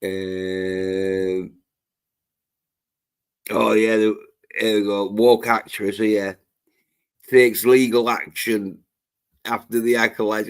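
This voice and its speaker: A man's voice: fairly low pitch, little pitch movement, smooth. A man ranting on his own livestream, swearing heavily and often stopping to restart his sentences. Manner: profane, ranting, halting with restarts. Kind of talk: solo livestream rant.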